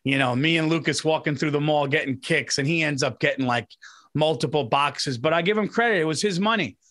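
A man's voice: a little high, brisk, fairly bright tone. A man co-hosting a casual chat, telling a family story in a rambling, repetitive way. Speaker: podcast co-host.

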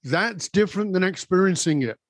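Podcast host guy, kinda high voice, dry sound, pumps up the listeners. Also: expressive, brisk, no echo. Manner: emphatic, motivational, direct address to listeners. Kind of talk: conversational podcast interview.

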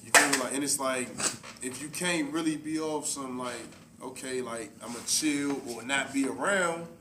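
A man talks slowly through his views in a casual podcast chat, leaning on fillers like "you feel me". He sits away from the mic, and noise runs under his voice. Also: medium pitch, roomy sound. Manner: laid-back, rambling with many fillers. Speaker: podcast co-host. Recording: distant mic with background noise.

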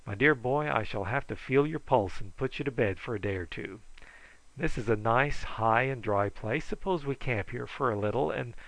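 A man reading the part of a kindly, brisk doctor who teases and fusses over a young companion like a father. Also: mid-range voice, a bit bright, no echo, low-quality recording. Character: kindly jovial older male doctor.

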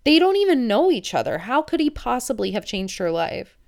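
A woman's voice: a little high, big pitch swings, moderate pace, vocal fry. A woman hosting a podcast, recapping a reality show in chatty, opinionated talk full of "like". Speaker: podcast host.

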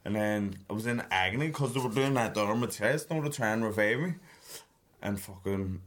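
A man's voice: fairly low pitch, brisk, a bit bright. A man in his twenties telling stories in casual podcast chat, swearing a lot and laughing as he goes.

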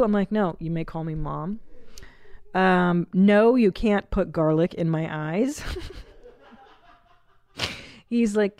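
A woman in her forties hosts a casual, comedic podcast chat, swearing freely and jumping between tangents with animated energy. Her voice sits at an ordinary middle pitch and sounds dry and close, with no room echo. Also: measured pace. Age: 40s. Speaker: podcast host.

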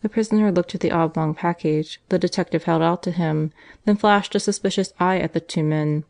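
A woman reading an audiobook chapter aloud in a measured, even manner. Her voice sits on the low side, steady and unhurried through scripted narration. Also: vocal fry.

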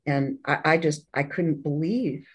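A woman's voice: low voice, measured pace, breathy edge, poor audio. A woman telling a painful personal story in an interview, candid and earnest, often restarting her sentences. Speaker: interview guest.

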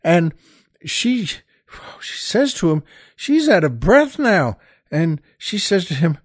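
A man's voice: on the high side, very animated, slow, dry recording, studio quality. Folksy, chatty male joke-telling host. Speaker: show host.

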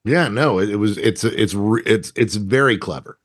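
A man's voice: lowish voice, moderate pace, husky, dry recording. A man co-hosting a podcast, talking about movies in a dry, teasing, laid-back way. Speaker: podcast co-host. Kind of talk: casual movie-review chat.

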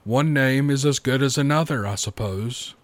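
A man's voice: medium pitch, moderate pace, dry recording, close to an everyday voice. A man voicing Raven, a mocking spirit bird. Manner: scolding, mocking, impatient. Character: sardonic, irritable male raven spirit messenger.

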